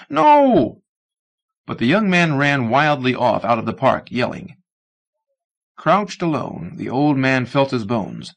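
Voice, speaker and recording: The clip features a male audiobook reader working through a short story. His scripted narration is both expressive and measured, delivered at a medium pitch.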